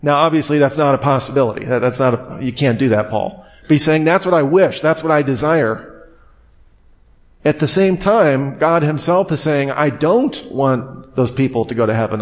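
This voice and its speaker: Male preacher, emphatic teaching sermon, long hall reverb, mid-pitched voice. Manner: emphatic, questioning, explanatory. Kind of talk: expository sermon.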